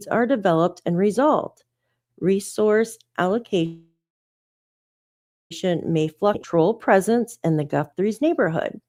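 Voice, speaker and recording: A woman's voice: fairly low pitch, darkish tone, dry recording, clean studio sound. Chatty woman true-crime commentator. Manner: chatty, incredulous, reads updates aloud. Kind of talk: casual livestream commentary.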